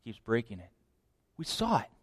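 A man preaching a sermon, dramatic, swinging between loud declarations and hushed lines. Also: medium pitch, wildly swooping pitch, moderate pace, slightly rough, no echo, studio quality.

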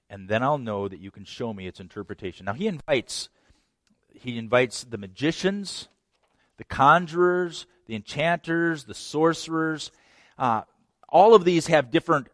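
A man's voice: mid-range voice, fairly bright tone, no echo, studio quality. A man preaching an expository sermon, reading scripture aloud, breaking down its grammar, and laughing at his own jokes. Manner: laughs and jokes between points.

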